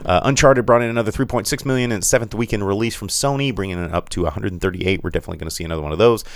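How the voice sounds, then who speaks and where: A man's voice: lowish voice, very fast, no room sound. A man co-hosting a podcast in casual chat, running through numbers with frequent self-corrections and fillers. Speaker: podcast co-host.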